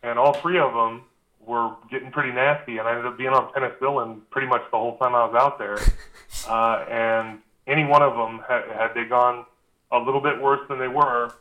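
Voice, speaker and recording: A man as a guest, telling a story in a casual, animated way and acting out the dialogue, with frequent "uh" fillers. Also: medium pitch, brisk, narrow, tinny audio. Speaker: guest recalling a reality show.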